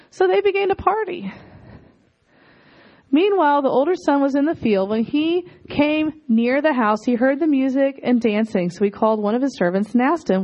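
A woman in her thirties preaches a sermon with lively energy. She repeats her points for emphasis and laughs often. Her voice sits a little high, on a dull, lo-fi recording. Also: moderate pace.

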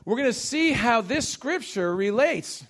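A male pastor preaching a sermon, leading call-and-response with his congregation and shifting between quick bursts and slow, stressed phrases. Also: extremely high pitch, expressive, a bit bright.

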